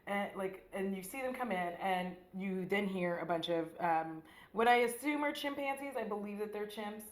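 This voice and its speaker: Here the woman speaks at medium pitch and normal speed, her voice sounding roomy. Doing her makeup at home, she casually recaps a movie with profanity and jokes, acting out the scenes.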